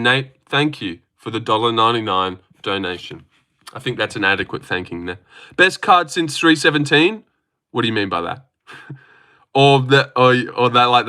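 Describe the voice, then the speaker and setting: A man's voice: medium pitch, sharp tone. A young man rambling casually on a live stream, reading chat aloud and teasing viewers. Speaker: livestreamer.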